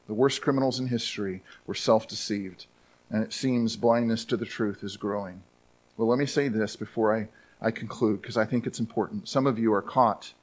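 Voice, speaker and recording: Earnest male pastor preaching. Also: fairly low pitch. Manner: earnest, repeats words for emphasis. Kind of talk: sermon. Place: church sanctuary.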